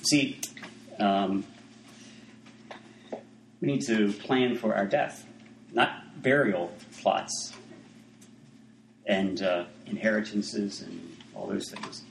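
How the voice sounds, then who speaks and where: A man's voice: on the low side, lively intonation, very slow, vocal fry, long pauses, echoey room, a little hiss or hum, low-quality recording. A man preaching a sermon in a conversational way, full of asides and restarts.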